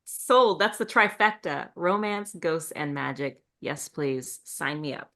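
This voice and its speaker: A woman's voice: sits low, animated, takes it slowly, a bit bright. A woman co-hosting a casual podcast, asking questions in an enthusiastic, playful way. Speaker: podcast co-host.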